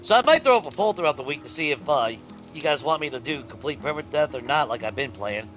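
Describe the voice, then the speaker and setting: A young adult man hosting a let's-play, chatting casually to his viewers, swearing freely and swinging between grumbling and giddy excitement. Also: on the high side, fast, dull audio, faint music behind. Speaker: gaming channel host.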